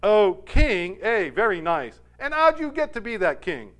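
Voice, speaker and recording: An indignant peasant rants and lectures, his voice pushed high and swinging wildly, as a preacher acts him out. He argues back in a huffy, talk-down way. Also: expressive, moderate pace, fairly bright tone. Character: indignant male peasant, argumentative.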